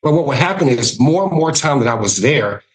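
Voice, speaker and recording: A man with a Southern US accent telling lively stories about hosting guests, often acting out what people said. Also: medium pitch, a little fast, low-quality recording. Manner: animated, acts out voices in his stories. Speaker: guest, winery hospitality director. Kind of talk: storytelling in casual podcast chat.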